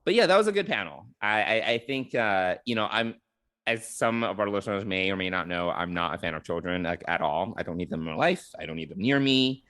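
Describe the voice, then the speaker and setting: A man's voice: sits low, animated, fairly quick, fairly bright tone. A man co-hosting a podcast in casual chat, blunt and wry, laughing now and then as he talks. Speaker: podcast co-host.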